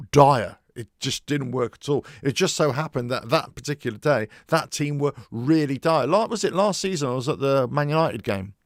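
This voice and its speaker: Male fan-channel host, gravelly fry, dry close sound, fairly high voice, animated rambling monologue. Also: dry recording. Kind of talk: casual monologue.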